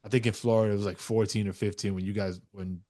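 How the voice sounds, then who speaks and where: A man from New York co-hosting a dads' podcast, his voice a bit low. He tells his stories with animated energy and drops swear words casually as he goes. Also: fast talker. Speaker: podcast co-host. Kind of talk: casual chat.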